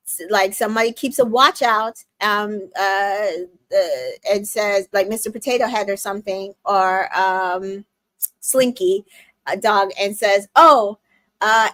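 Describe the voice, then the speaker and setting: A woman's voice: mid-range voice, fairly bright tone, dry recording. Chatty woman recapping with dry sound. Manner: chatty, retells scenes with quoted lines, frequent fillers and laughs. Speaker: recap host. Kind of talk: casual reality-show recap chat.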